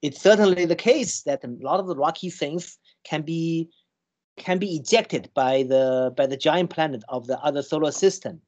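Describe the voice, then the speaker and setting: Halting man explaining with many restarts. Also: on the high side, a little mellow. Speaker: scientist guest. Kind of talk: conversational explanation.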